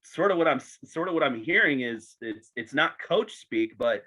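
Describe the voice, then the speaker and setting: A man's voice: mid-range voice, animated, normal speed, sharp tone. A man hosting a podcast, asking questions in a chatty, joking way with some false starts. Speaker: podcast host. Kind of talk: casual interview chat.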